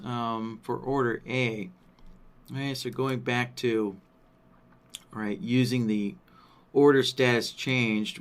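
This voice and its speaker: A man presenting a live software workshop, walking through settings on screen while thinking aloud and checking in with listeners. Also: medium pitch. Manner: thinks aloud, frequent "right?" check-ins.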